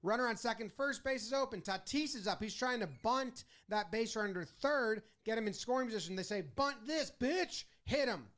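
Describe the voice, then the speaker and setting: A man narrating a baseball highlight breakdown. He is animated and acts out the players' and umpires' lines in quick little voices. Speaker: sports video commentator.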